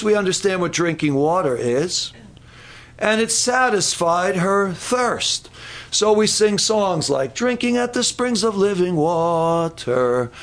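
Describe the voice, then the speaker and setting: A man preaching a sermon, telling a Bible story with repeated words and quotes. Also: high voice.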